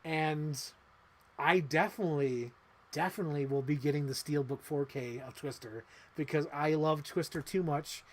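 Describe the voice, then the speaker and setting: Excitable man rambling on a livestream. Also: fairly high pitch, normal speed. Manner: excitable, rambling and swearing casually. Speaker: livestream host. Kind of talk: casual livestream chat.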